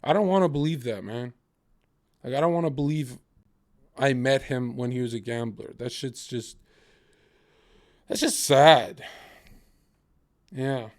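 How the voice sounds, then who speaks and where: A man's voice: mid-range voice, measured pace, pauses often. A young man streaming, ranting heatedly and with lots of swearing, acting out other people's lines in quotes. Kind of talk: ranting livestream commentary.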